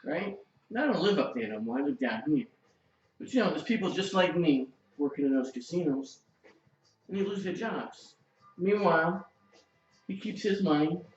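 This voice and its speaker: A man's voice: a little high, lively intonation, normal speed, pauses often. Brief: a blunt New man cooking on webcam, swearing freely, in a roomy kitchen, picked up from a distance. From outside New York City. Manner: blunt, profane, chatty. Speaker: cooking show host. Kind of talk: casual cooking demo with political rant. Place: home kitchen, indoors. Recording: echoey, distant, muffled, faint music.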